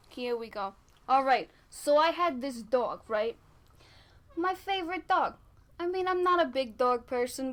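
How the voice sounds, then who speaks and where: A brash, bossy middle-aged housewife with a thick Brooklyn accent, as an actress plays her in a mockumentary interview. Her voice sits high, and her delivery is blunt, sassy and deadpan. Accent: New York (Brooklyn). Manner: sassy, blunt, snaps at people off camera.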